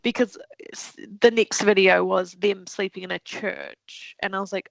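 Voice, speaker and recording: A woman co-hosting a casual podcast chat, telling stories with animated flair, acting out what people said, and swearing freely. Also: mid-range voice, normal speed, vocal fry, no room sound, poor audio. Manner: animated storytelling, acts out quotes, swears freely. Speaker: podcast co-host.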